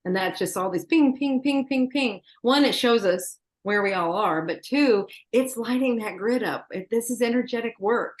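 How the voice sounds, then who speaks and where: A woman hosting a casual livestream with a spiritual bent, laughing often and chatting warmly with her co-host. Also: on the high side, normal speed, few pauses. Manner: warm, giggly, spiritual-minded.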